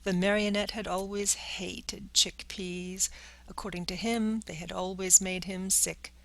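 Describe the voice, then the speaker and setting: Slow-reading woman narrator. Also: mid-range voice, steady tone, vocal fry, a bit bright, rough recording. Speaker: audiobook reader. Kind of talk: audiobook narration.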